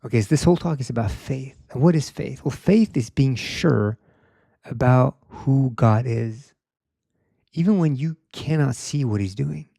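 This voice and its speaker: A man's voice: medium pitch, a little slow, creaky, dark tone, dry recording, clean studio sound. A young man giving a casual, conversational sermon, often saying "like" and acting out quotes. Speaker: speaker.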